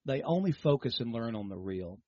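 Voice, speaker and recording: A man's voice: medium pitch, animated, brisk, highs cut off. A man preaching a sermon in a teaching manner, often repeating words and asking rhetorical questions.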